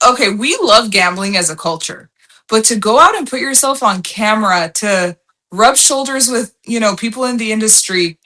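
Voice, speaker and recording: A woman of Armenian heritage, a slot content creator, guests on a podcast in casual chat. Her fairly high voice is animated, bright, and forceful, and she talks candidly and emphatically with drawn-out phrasing.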